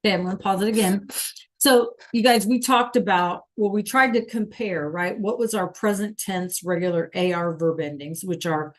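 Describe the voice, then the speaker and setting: A woman's voice: mid-range voice, fairly even intonation, moderate pace. A woman teaching a live online Spanish class, patiently coaxing students and repeating verb endings.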